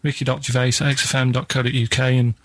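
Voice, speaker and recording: A man's voice: medium pitch, level tone, fast talker. A man rambling hesitantly through stories and quiz clues on a radio show, with many fillers, in a studio.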